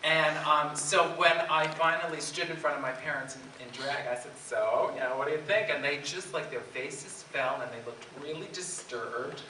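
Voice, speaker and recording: A man in his fifties with a Bronx accent, a drag performer telling comic stories on a convention panel, animated and laughing often. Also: a little high, normal speed, hardly any pauses. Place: large convention hall. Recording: echoey hall from far off, background noise.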